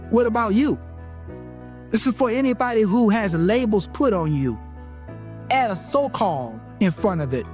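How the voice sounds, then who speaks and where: A man's voice: high-pitched, a little mellow. Man giving an emphatic faith testimony. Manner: emphatic preaching cadence with repeated phrases. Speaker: interview guest.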